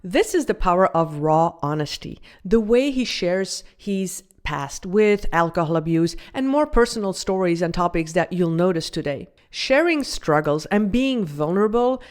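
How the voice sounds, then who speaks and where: A woman's voice: mid-range voice, darkish tone, clear, resonant tone. A woman host giving upbeat, scripted commentary about communication and confidence. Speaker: video host and communication coach.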